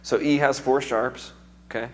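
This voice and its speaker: A man's voice: medium pitch, fairly even intonation, moderate pace, slight background noise. A man with a strained, recovering voice, teaching music theory to a seminar class in a casual, chatty way and quizzing the students.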